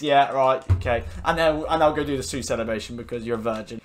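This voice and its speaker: A young man commenting on his own online football match, swearing often and swinging from frustrated mutters to excited shouts. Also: medium pitch, fast, few pauses, soft background music. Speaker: gaming YouTuber. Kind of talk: live gameplay commentary.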